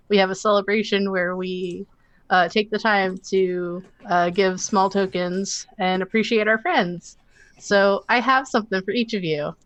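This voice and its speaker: A woman's voice: mid-range voice, fairly bright tone, no echo, dull audio, natural voice. A woman voicing a kind, thoughtful tiefling woman adventurer who halts and fills gaps with "uh" as she talks. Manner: halting, full of fillers.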